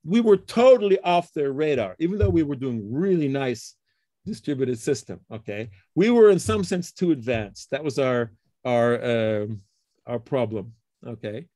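A middle-aged man, a computer science professor, talks through research history in a relaxed interview and often checks in with "okay?" and "huh?". He acts out the colleagues he quotes. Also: mid-range voice, unhurried, no room sound. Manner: explains with frequent tag questions like okay and huh. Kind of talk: casual interview conversation.

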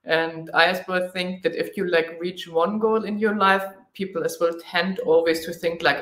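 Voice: medium pitch, normal speed, hardly any pauses, a bit bright, echoey room. A travel vlogger with a German accent, chatting through a live Q&A, thinking aloud and laughing readily. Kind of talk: live Q&A chat.

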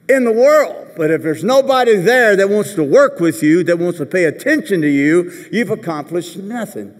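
A man giving a commencement speech as a string of anecdotes, with joking asides and acted-out voices. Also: sits high. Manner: animated storyteller, jokey asides, acts out quoted voices. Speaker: commencement speaker. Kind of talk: commencement speech told through rambling anecdotes. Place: large ceremony venue. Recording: long reverb of a big hall.

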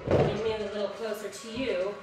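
A woman's voice: medium pitch, fairly even intonation, a little fast. Upbeat woman coaching a workout in an echoey room. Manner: upbeat, encouraging, counting reps. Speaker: fitness instructor. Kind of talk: live workout class instruction. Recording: echoey room, mic at a distance, music behind.

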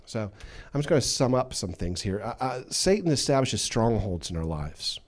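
A man's voice: mid-range voice, sing-song, moderate pace. A male pastor delivering a sermon with emphatic delivery, acting out the voices he quotes. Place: church.

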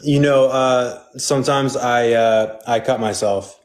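Excitable man from Georgia, echoey room. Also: medium pitch. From Savannah, Georgia. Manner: excitable, joking, quick to backpedal. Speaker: stranger on video chat. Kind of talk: casual banter. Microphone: video call. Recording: echoey room, faint noise.

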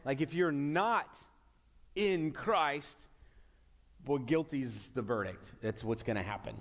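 A man's voice: medium pitch, takes it slowly. A man preaching a sermon as pastor, earnest, often restarting and stretching out key words for emphasis. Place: church sanctuary. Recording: long hall reverb.

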